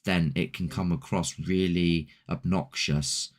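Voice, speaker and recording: A man's voice: low-pitched, steady tone, slow pace. A man, a paranormal investigator hosting a casual chat, rambling and laid-back with mild swearing. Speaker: paranormal investigator and show host.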